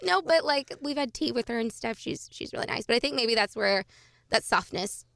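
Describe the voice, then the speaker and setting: A woman's voice: on the high side, lively intonation, moderate pace, gravelly, a bit bright, no echo, clean studio sound. A young adult woman, a podcast guest, talking casually and animatedly with frequent laughter and fillers.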